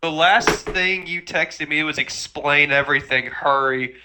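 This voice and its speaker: A young man co-hosting a podcast, chatting casually and reading out garbled old texts in slow, deliberate voices. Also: on the high side, background noise. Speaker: podcast co-host. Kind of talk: casual chat.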